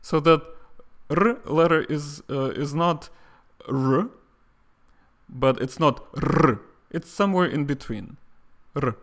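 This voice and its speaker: A middle-aged man from the Soviet Union with a Russian accent teaches an online language lesson. He explains slowly and models sounds for the listener to repeat. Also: a little high, a bit bright.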